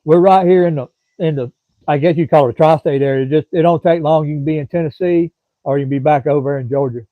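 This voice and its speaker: Hosting a casual livestream, a middle-aged Florida man with a Southern accent rambles on in a folksy, drawling manner, responding to commenters by name. His voice is on the high side with fairly even intonation, and he talks fast. It's a dry, thin, phone-like recording with no room sound.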